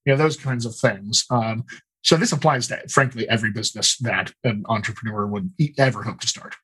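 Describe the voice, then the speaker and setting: A man who works as a dialect coach and actor, answering interview questions in a thoughtful, explanatory way, often pausing on "you know" and restarting phrases. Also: fairly low pitch, a bit bright, husky.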